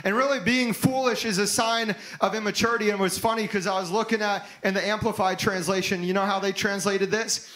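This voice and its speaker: Pastor, high-pitched man, emphatic fervent sermon delivery. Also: fairly even intonation, quick pace, few pauses, sharp tone, low-quality recording. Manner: emphatic preaching, rising to fervent exclamations.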